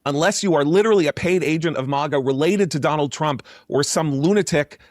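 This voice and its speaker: A man with a slightly raised pitch argues emphatically on a televised political panel and sounds exasperated. His voice is dry and close to the mic. He presses his points with insistent repetition. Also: fairly quick, no room sound. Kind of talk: TV panel discussion.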